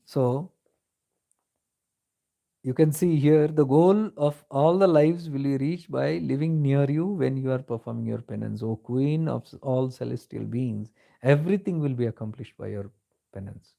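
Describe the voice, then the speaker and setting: A man's voice: mid-range voice, measured pace, creaky, warm tone. A man giving a reflective spiritual discourse, telling stories in a conversational way and slipping into Hindi phrases. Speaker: spiritual teacher.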